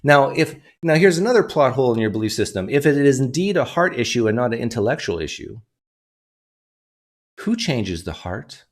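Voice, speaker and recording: A man's voice: medium pitch, big pitch swings, moderate pace. A man hosting a livestream, talking casually and reading donation messages aloud. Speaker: livestream host.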